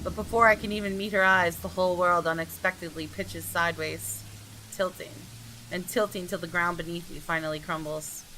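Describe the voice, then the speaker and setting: A woman's voice: on the low side, steady tone, brisk, sharp tone, slight background noise, poor audio. A woman reading a tense young man's inner monologue. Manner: reads first-person narration aloud in her own voice. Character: tense young man narrating his own ordeal. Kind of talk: reading a visual novel aloud.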